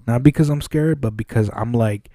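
A podcast co-host with a medium-pitched voice tells a work story in casual conversation at a moderate pace. He acts out the quoted lines and swears often, and the studio mic gives a clean, dry sound.

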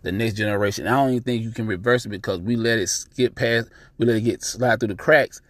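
A man's voice: lowish voice, quick pace, dry recording. Blunt, profane man ranting, dry sound. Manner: blunt, profane, animated, repeats himself. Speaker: podcast host. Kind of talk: casual ranting monologue.

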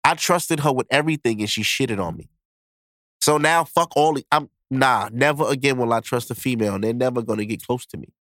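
A man's voice: mid-range voice, a little fast, a bit bright, no room sound, studio quality, pitched below the performer's own voice, lightly acted. A man voicing a heartbroken young man who swears off trusting women. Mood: bitter. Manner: bitter, guarded.

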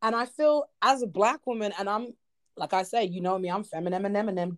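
A woman in a casual podcast chat, animated and playful, laughing often. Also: medium pitch, fairly quick.

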